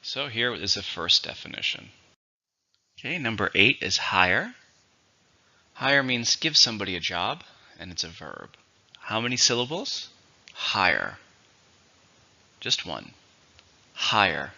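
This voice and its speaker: Male English teacher, low and sharp-toned, dull lo-fi recording, measured explanations. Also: big pitch swings, creaky. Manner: slow, deliberate explanations with repeated words. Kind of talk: vocabulary lesson.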